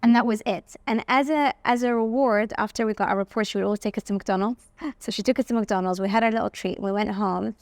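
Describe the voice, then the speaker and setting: A woman from England, a guest in an interview telling lively personal stories and often saying "like". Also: mid-range voice, fast, dry recording. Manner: animated, acts out quoted voices, frequent "like". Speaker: guest, facial aesthetics practitioner.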